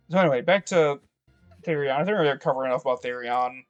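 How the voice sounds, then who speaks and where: A man's voice: medium pitch, fast talker, faint music behind. A man from Michigan giving casual, rambling let's-play commentary from his rural home, cursing freely and drifting between topics. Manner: rambling, profane, digressive. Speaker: gameplay commentator.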